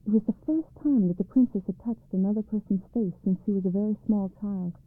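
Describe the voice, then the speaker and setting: Woman calmly reading a storybook. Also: mid-range voice, a little fast. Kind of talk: storybook narration. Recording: dry, tinny phone-like sound.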